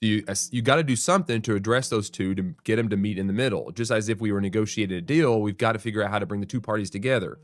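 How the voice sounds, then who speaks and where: A man's voice: lowish voice, fast, few pauses. A man hosting a real estate show, explaining market news in a conversational, thinking-aloud way with restarts and frequent "right?" asides.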